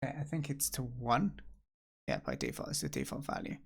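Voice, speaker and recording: Here the same kind of casual stream finds a man learning game development, musing aloud over a tutorial and poking fun at himself. His creaky, slightly rough mid-range voice swoops wildly in pitch, and he talks fairly quickly.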